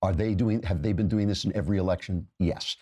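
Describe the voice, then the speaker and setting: A man's voice: low-pitched, quick pace, warm tone, husky. A man hosting his podcast, delivering a sarcastic, mocking political commentary monologue. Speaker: podcast host.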